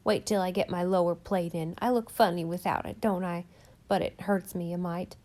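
A woman voicing a hoarse, rambling old countrywoman. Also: lowish voice, fairly even intonation, moderate pace, darkish tone, close to an everyday voice. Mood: folksy chatter. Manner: rambling homespun talk with rustic grammar. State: hoarse from a cold. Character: chatty lonely old countrywoman, folksy and kindly.

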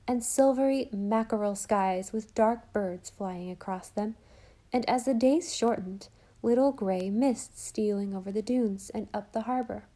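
A woman narrates a classic novel in a mellow, warm voice. Her reading is measured and gentle. It is scripted storytelling. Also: medium pitch. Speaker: audiobook narrator.

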